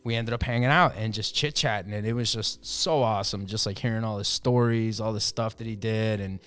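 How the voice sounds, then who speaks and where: A man's voice: lowish voice, steady tone, brisk, fairly bright tone, clear, resonant tone. A man telling a story as a podcast guest on a bar stage, acting out the voices of the people he quotes. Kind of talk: casual storytelling.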